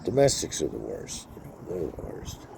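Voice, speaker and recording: A man's voice: a bass voice, huge pitch swings, normal speed, gravelly, noisy background. A man in his sixties talking bluntly and wearily in a rambling personal vlog, swearing freely. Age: 60s. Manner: blunt, profane, weary. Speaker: vlogger. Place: outdoors.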